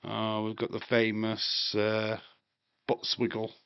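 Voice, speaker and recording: A man's voice: on the low side, monotone, slow pace, gravelly, clean tone, no echo. A man chatting casually and rambling on a live wrestling watch-along stream, swearing now and then. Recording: dry, slightly dull home mic.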